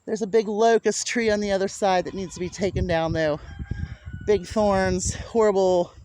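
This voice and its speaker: A woman's voice: steady tone, moderate pace, darkish tone. A woman vlogging casually as she walks around her small farm outdoors, chatting to the camera and cooing at her animals in a sing-song voice. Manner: chatty, rises to high sing-song baby talk with animals. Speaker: homestead vlogger. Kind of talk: casual walking farm vlog.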